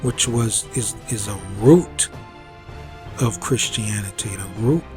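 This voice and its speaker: Slow, lecturing man over music. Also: on the low side. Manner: deliberate, lecturing, halting with fillers. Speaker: commentary host. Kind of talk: religious-history commentary. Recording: over loud background music.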